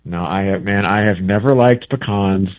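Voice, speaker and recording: A man's voice: lowish voice, normal speed, no echo. A male travel book author talking as a guest in a casual radio interview, rambling and correcting himself as he goes. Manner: rambling, chatty, self-correcting. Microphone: phone. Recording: tinny phone line.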